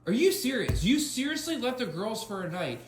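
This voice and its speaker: A husband argues angrily with his wife in their home kitchen, his pitch swinging widely as he presses her. The room is echoey, with faint noise in the background. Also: big pitch swings, fairly quick. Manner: angry, confrontational. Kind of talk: filmed domestic argument.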